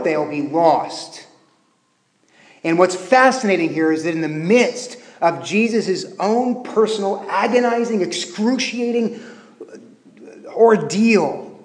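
A man preaching a sermon, explaining scripture and briefly acting out the figures in it. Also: on the high side. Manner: lively, acts out biblical figures in quick asides. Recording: echoey room.

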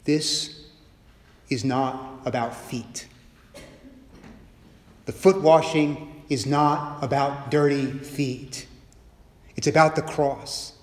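A middle-aged man preaching a sermon as pastor, expressive and humorous, shifting his pace and loudness as he acts out quotes. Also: mid-range voice, extremely slow, long pauses, echoey room, long reverb tail.

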